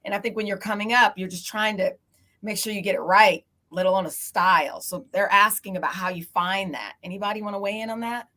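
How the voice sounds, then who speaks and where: A middle-aged woman moderates a panel discussion with a chatty, animated manner. Her pitch sits in an ordinary middle range. She tells stories from her own career with lively turns. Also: fairly quick. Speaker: panel moderator, TV news anchor.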